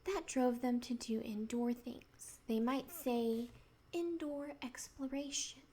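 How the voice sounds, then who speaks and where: A woman narrating a children's novel in a soft, partly whispered storybook reading. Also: on the high side, steady tone, takes it slowly.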